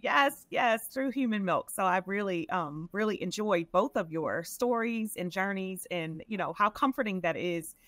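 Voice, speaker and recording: Female host, mid pitch, dry close recording, supportive tone. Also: expressive, moderate pace, hardly any pauses, fairly bright tone, no room sound. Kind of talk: interview host reaction.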